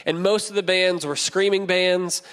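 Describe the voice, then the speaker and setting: High-voiced young pastor in a hall. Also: male voice, moderate pace, clear, resonant tone. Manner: animated storytelling with playful asides. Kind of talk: sermon. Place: church auditorium. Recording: long church hall reverb.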